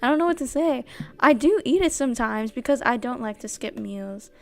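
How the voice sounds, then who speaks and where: A woman's voice: a little high, expressive, brisk, gravelly. Giggly woman chatting with viewers. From United States. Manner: giggly, chatty, reads chat questions aloud. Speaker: streamer answering chat. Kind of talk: casual chat. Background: quiet background game music.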